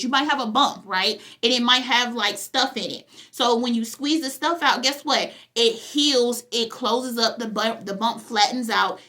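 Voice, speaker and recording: A woman's voice: a little high, sharp tone. A woman hosting a vlog, giving casual spiritual advice in a chatty way, repeating herself and often checking in with her viewers. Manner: familiar, addresses viewers as "honey" and "y'all". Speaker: vlog host.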